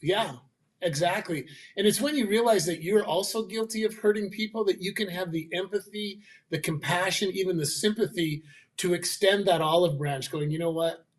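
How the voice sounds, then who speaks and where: A man with a fairly high voice explains his ideas as a guest on a faith-based talk show. He tells his examples in a lively way and acts out the voices of the people he quotes. His voice sounds a little distant from the mic. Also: normal speed. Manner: animated storyteller, acting out quoted voices. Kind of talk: conversational explanation.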